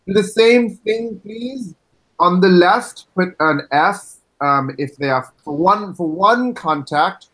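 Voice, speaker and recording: Slow, wry man running a tabletop game. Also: high voice, a bit bright, poor audio. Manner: unhurried and wry, with fillers. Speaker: game master.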